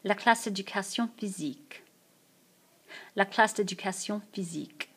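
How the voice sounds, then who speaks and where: A woman teaching French vocabulary in a screencast, saying each phrase slowly and then repeating it. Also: medium pitch, a bit bright, husky. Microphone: tablet mic.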